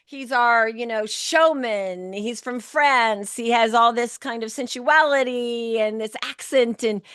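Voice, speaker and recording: A woman's voice: a little high, slow pace, fairly bright tone, clean tone, dry recording. Effusive woman hosting a podcast, dry sound. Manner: effusive, gushing praise with restarts. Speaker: podcast host and producer. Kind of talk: warm enthusiastic interview chat.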